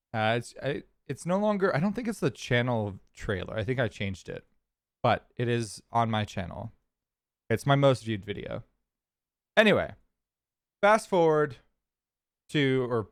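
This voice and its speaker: A man's voice: medium pitch, big pitch swings, unhurried, pauses often, no echo, clean studio sound. A man from California streaming, telling a story in a casual, rambling, chatty way. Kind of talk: casual chat.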